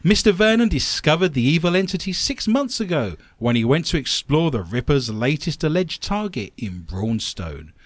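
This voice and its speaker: A man's voice: a little high, very animated, moderate pace, few pauses, no echo. A man hosting a comic radio show, reading odd news stories with sarcastic asides. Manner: joking, sarcastic asides, laughs often.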